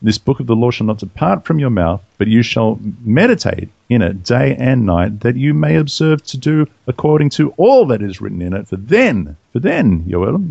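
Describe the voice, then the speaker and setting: Lively Australian man with a gravelly voice. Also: mid-range voice, no echo. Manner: lively, reads verses with relish. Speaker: scripture reader and co-host. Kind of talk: Bible study discussion and reading aloud. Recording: dry, dull lo-fi sound.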